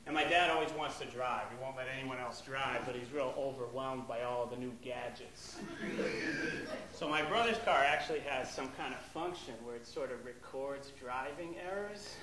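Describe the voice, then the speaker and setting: A man's voice: mid-range voice, moderate pace. A young man from the Boston area doing stand-up with a wry, conversational delivery. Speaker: stand-up comedian. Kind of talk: stand-up storytelling. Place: comedy club. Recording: echoey room with loud crowd laughter.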